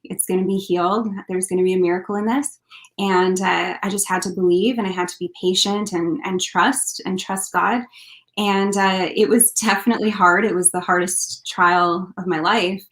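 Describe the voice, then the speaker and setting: Woman in an interview, earnest and heartfelt, lots of um and uh, mid-pitched voice. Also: fairly even intonation, normal speed, fairly bright tone. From Canada. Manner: earnest, heartfelt, many fillers. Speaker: country singer, interview guest. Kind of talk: casual interview storytelling.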